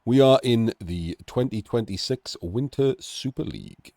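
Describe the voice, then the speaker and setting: A man's voice: mid-range voice, lively intonation, measured pace, vocal fry, mellow, no room sound. A Welsh man with a nasal, throaty voice, sick and coughing, chatting casually through a game analysis. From Wales. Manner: chatty, self-deprecating asides.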